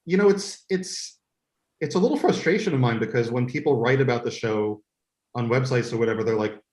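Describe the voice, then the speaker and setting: A man's voice: mid-range voice, fairly quick, a little mellow. A man who is a guest on a podcast, a series creator, telling stories with enthusiasm and frequent restarts. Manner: enthusiastic storytelling, many restarts. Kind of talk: casual podcast interview. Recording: echoey room.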